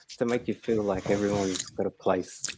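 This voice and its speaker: A man's voice: on the low side, fairly even intonation, moderate pace, darkish tone, breathy edge, low-quality recording. Joking Australian male caller. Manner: joking, laughing, heartfelt. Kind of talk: casual call-in chat.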